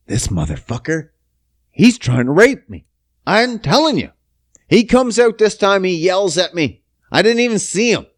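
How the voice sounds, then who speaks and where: A man's voice: high voice, big pitch swings, a little slow, long pauses, no echo, clean studio sound. A man, hosting a podcast and telling a crude, self-mocking comic story. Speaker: podcast host.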